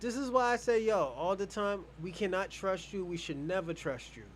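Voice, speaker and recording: Combative, high-voiced American man. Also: moderate pace, slight background noise. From United States. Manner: combative, blunt and profane. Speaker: online show host. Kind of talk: heated live debate.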